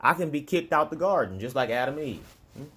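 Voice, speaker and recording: A man's voice: fairly high pitch, animated, fast, pushed and bright. A man talking straight to his viewers in a loose, digressive monologue, often restarting and chuckling between points. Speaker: vlogger. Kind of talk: casual rambling monologue.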